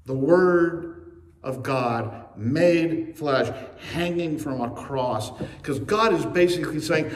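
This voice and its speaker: A male pastor preaching a sermon with emphasis, slowing on key phrases and speeding through asides. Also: a little high. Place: church sanctuary. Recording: echoey church from a distance.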